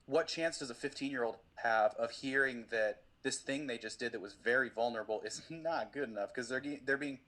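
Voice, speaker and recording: A man's voice: medium pitch, fairly quick, few pauses, bright, forceful tone. A young adult man, a musician guest on a podcast, talking casually and rambling a lot. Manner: rambling, many "like" fillers. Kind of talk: casual conversation.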